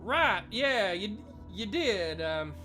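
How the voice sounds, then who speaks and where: A man's voice: sits high, very animated, slow pace, sharp tone, soft background music, exaggerated voice. A man voicing a shifty card-cheating gambler who stammers and talks in a folksy drawl. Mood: evasive.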